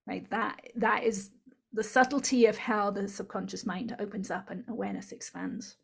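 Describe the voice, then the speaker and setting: A woman's voice: medium pitch, moderate pace, vocal fry, husky. A woman guest in an interview, earnestly explaining her method and checking in with "right?" again and again. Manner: earnest, instructive, keeps adding "right?". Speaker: author and speaker, interview guest.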